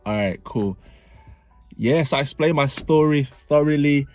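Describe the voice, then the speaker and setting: A young man telling a personal story in a casual vlog, animated and prone to repeating phrases for effect. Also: on the high side, unhurried, faint music behind. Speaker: vlogger.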